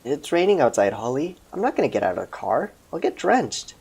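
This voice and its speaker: A man voicing a relaxed young female fire goddess in a game, in a near-everyday voice. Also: medium pitch, brisk, vocal fry, husky, exaggerated voice.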